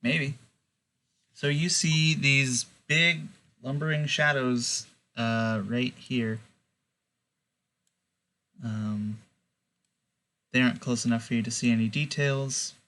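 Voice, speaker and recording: A man narrating and running a tabletop game as game master, relaxed and unhurried, with fillers. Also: medium pitch.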